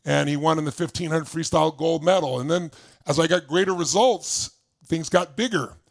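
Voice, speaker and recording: Older male motivational speaker with a raspy edge, lively and audience-engaging. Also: a little high, normal speed. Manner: animated, asks the audience questions, laughs often. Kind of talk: storytelling seminar talk.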